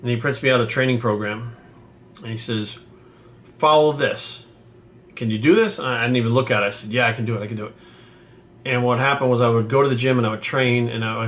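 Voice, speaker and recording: A man's voice: mid-range voice, a bit bright, slight background noise. Profane rambling man in his forties. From New England. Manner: profane, rambling, many fillers. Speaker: fitness coach. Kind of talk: casual storytelling to camera.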